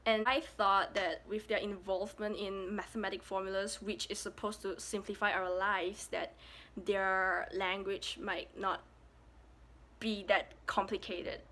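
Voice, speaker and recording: A woman's voice: mid-range voice, flat delivery, measured pace, fairly bright tone. A young woman from Malaysia casually vlogging, playful and self-mocking, repeating words as she tries to pronounce them. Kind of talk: casual pronunciation vlog.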